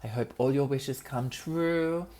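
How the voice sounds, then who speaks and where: A woman's voice: rumbling low, takes it slowly, warm tone. A young woman hosting a casual solo podcast, chatty and cheeky, swearing freely with lots of ums, recorded in an apartment. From Australia. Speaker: podcast host. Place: friend's apartment.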